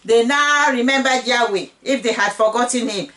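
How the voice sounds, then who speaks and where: A woman's voice: fairly high pitch, normal speed, a bit bright, recorded from a distance. Earnest woman teaching the Bible. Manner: earnest, personal, repeats phrases. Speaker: Bible teacher, channel host. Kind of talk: casual Bible teaching monologue.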